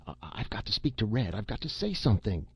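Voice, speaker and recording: A man's voice: on the low side, animated, normal speed, warm tone, slightly rough, no echo, pitched above the performer's own voice. A man voicing a timid young boy who speaks with breathless urgency. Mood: urgent.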